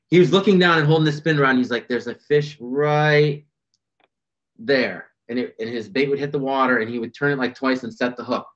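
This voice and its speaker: Lively storytelling man, lo-fi sound. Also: mid-range voice. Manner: animated, fast storytelling with fillers. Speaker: podcast guest, bass angler. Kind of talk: casual storytelling chat. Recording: dull lo-fi sound.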